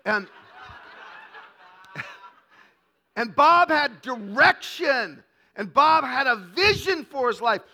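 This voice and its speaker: Male preacher, high and bright, comic storytelling sermon. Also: very animated, drawn-out words, pauses often. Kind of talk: humorous sermon.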